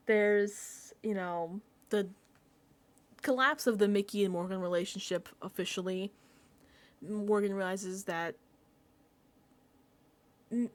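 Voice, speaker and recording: A woman doing casual recap commentary on her vlog, animated and profane and laughing often. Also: mid-range voice. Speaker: reality TV recap vlogger.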